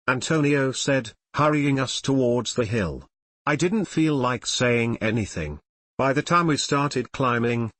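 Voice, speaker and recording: A man's voice: mid-range voice, fairly bright tone, no room sound. A man reading a fan fiction story aloud, giving the dialogue light voices. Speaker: reader.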